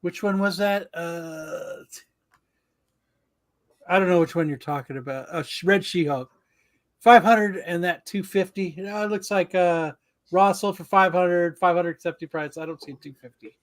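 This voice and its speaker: A man with a high voice co-hosts a casual podcast. He reads out sales figures in a joking, loose way and swears freely. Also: normal speed. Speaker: podcast co-host. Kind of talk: casual podcast chat reading out sales notes.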